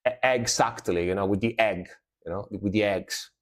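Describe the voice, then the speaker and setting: A man's voice: low-pitched, fairly even intonation, moderate pace. A man streaming music reactions in easygoing casual chat, repeating himself and leaning on "you know". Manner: laid-back, loose, repeats words and adds "you know".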